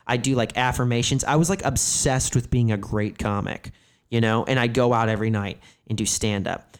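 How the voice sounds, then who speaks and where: A comedian in his thirties, appearing as a guest, tells candid stories in a rambling conversation packed with "like" and plenty of swearing. His medium-pitched voice is clear and resonant, and he talks briskly.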